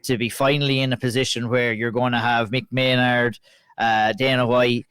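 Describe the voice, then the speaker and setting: Irish guy hosting a fight podcast, smooth clear voice, dry sound. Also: mid-range voice, flat delivery, moderate pace, fairly bright tone, dry recording. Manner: earnest, rambling questions. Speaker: podcast host. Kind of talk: interview.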